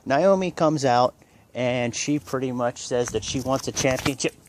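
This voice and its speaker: With a noisy background behind him, a man casually rambles through a play-by-play recap of a wrestling show at normal speed. "And then" and "pretty much" tie the events together, and he bursts higher on the big moves.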